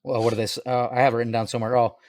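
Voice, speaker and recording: A man's voice: medium pitch, completely flat delivery, rapid-fire, darkish tone, dry recording. Easygoing podcast guy, laughs a lot, middle voice, dry. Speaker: podcast co-host. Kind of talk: casual chat.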